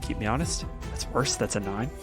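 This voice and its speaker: A man running a tabletop game as game master, narrating the scene in a calm, measured way. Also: fairly low pitch, soft background music.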